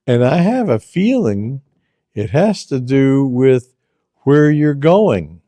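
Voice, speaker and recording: Slow, deliberate male storyteller. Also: medium pitch, very animated, warm tone, dry recording. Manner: slow, deliberate, repeats phrases for emphasis. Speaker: storyteller host. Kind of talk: casual spoken storytelling.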